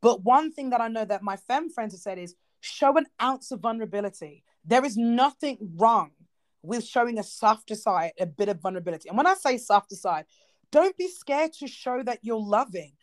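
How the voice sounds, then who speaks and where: Lively woman in casual chat. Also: on the high side, moderate pace. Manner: animated, laughs often, playful asides.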